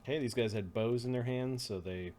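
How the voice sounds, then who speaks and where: A man running a tabletop game as game master, narrating calmly with the odd chuckle. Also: medium pitch, brisk, a little hiss or hum. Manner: relaxed, matter-of-fact with chuckles.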